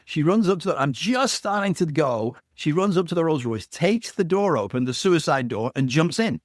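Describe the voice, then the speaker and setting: Lively man spinning a wild anecdote. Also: on the high side, normal speed, dry recording, clean studio sound. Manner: animated anecdote teller, acts out quotes, tags lines with "right?". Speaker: guest author. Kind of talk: storytelling in a podcast interview.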